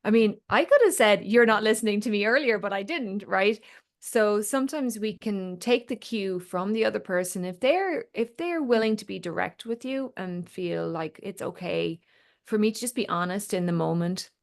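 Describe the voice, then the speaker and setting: A woman's voice: medium pitch, animated, normal speed, vocal fry. Chatty Irish woman coaching a group. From Ireland. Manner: chatty storyteller, acts out quoted speech. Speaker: voice and confidence coach. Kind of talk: casual group coaching chat.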